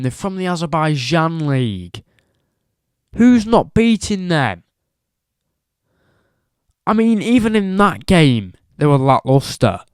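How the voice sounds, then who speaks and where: A man with a fairly high, clean-toned voice rants casually about football as a vlogger, emphatic and repetitive, firing off rhetorical questions. The recording is dry, with clean studio sound.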